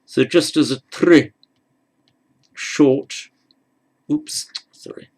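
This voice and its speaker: A man teaching script letters, talking haltingly as he writes and repeating words as he goes. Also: a little high, fairly even intonation, a little mellow. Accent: British. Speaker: language teacher. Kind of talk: handwriting lesson.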